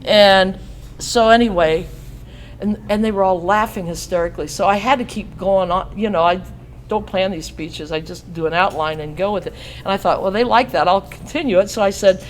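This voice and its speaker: A woman's voice: medium pitch, moderate pace, a little hiss or hum, rough recording. Older woman telling a folksy story. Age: 60s. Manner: folksy, self-mocking storyteller who sings parts and laughs at her own jokes. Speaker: radio host speaking to students. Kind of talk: storytelling talk to a school audience. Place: school auditorium.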